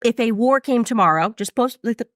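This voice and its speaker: A woman's voice: a little high, lively intonation, fairly quick, a bit bright, no room sound, clean studio sound. A woman interviewing on a podcast, chatty, frank and rambling. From United States. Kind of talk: podcast conversation.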